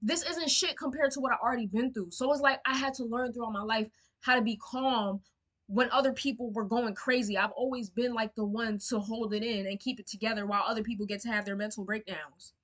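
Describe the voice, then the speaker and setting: A woman's voice: fairly high pitch, fairly even intonation, a little fast, a bit bright. A young woman telling a storytime to camera, emotional and indignant, swearing freely and using lots of fillers. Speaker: storyteller vlogger.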